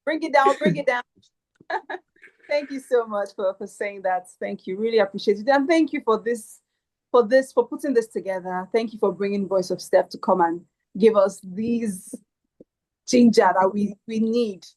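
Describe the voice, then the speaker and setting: A woman's voice: mid-range voice, moderate pace, darkish tone, poor audio. A woman hosting a webinar, upbeat and persuasive, with a preacher-like ring. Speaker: webinar host.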